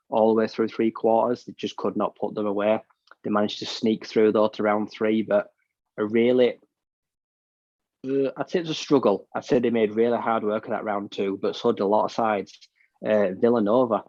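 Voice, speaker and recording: A British man talks sport in loose, opinionated chat, often restarting his sentences. His voice sits low and barely moves in pitch. The recording is dry and a little muffled. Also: a little mellow, dry recording. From United Kingdom. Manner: blunt, opinionated, rambling with restarts. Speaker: podcast co-host. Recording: dull, dry lo-fi mic sound.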